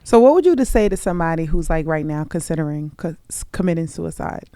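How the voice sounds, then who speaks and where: A woman hosting an interview who listens supportively, gives short affirmations and asks gentle follow-up questions. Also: low voice, expressive, quick pace, smooth, no room sound. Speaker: podcast host. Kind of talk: interviewing a guest.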